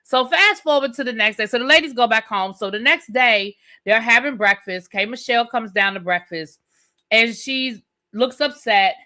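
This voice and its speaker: Woman host for a casual live recap show, bright and a bit high, loose and talkative with the chat. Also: normal speed. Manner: chatty, repeats phrases for emphasis, talks to live chat. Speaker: TV review host.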